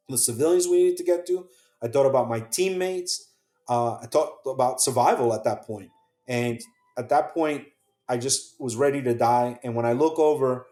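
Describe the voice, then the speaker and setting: A middle-aged American man, a police officer, earnestly recounting a harrowing survival story in an interview. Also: medium pitch. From United States. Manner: earnest, quiet recounting with quoted dialogue. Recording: roomy echo.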